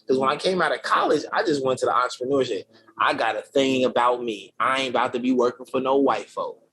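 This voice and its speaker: Slangy, energetic man telling his story. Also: medium pitch, quick pace, rough recording. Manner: slangy, energetic, many fillers and restarts. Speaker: podcast guest, creative director. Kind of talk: casual conversational storytelling.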